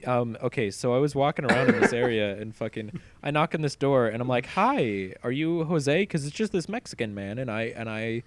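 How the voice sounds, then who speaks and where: A man's voice: medium pitch, lively intonation, a little fast, slight background noise. A man hosting a podcast, telling a long story in casual chat. He laughs often and swears freely. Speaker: podcast host.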